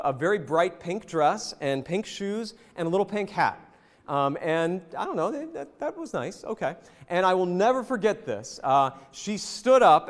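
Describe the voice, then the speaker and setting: A man from the American South giving a jokey, animated leadership presentation and talking straight to the audience in a hotel event hall. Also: high-pitched. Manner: lively, jokey, addresses the audience directly. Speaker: leadership speaker. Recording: long reverb in a hotel hall.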